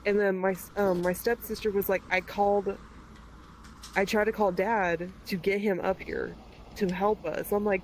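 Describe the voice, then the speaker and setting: A woman guest on a podcast, telling a story in a casual, profane, animated way and quoting dialogue. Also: medium pitch, moderate pace, a little hiss or hum, poor audio.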